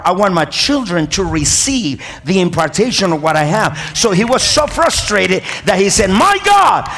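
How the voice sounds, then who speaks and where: A male pastor preaching a sermon. He calls for amens and praise and often pauses and restarts with non-native phrasing. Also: high voice, a bit bright. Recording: reverberant church hall.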